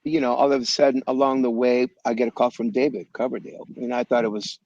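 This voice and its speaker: A man in a relaxed interview, spinning animated stories in a casual, slangy way. His voice sits at an ordinary middle pitch. It comes through a muffled, lo-fi video call with a dry, close sound. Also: fast talker, vocal fry, dry recording. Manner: animated, slangy storyteller, calls people "man" and "bro". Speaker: guest musician. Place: home in Los Angeles area.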